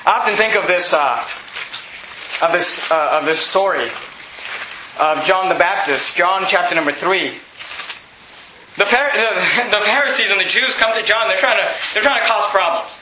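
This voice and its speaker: A man preaching a sermon as pastor, animated, often repeating words and acting out quotes with sudden loud lines. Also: high-pitched, normal speed, pauses often, reverberant, noisy background.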